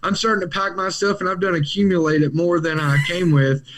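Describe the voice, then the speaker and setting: Speaking fairly quickly in a voice that sits high, this recovery guest tells his story with easygoing Southern slang. He's animated, slipping into character voices to quote others.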